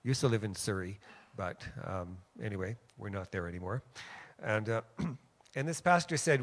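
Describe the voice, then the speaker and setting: A man's voice: lowish voice, normal speed. Man preaching a casual storytelling sermon. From Western Canada. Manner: conversational, animated when quoting others, frequent "okay?". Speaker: guest preacher. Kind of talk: sermon with personal stories. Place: church sanctuary.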